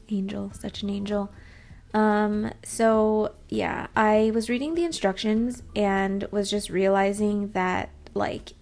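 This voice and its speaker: Woman, casual vlog voice-over, chatty and rambling, vocal fry, faint music underneath. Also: medium pitch, darkish tone. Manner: chatty, rambling, self-deprecating. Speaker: vlogger.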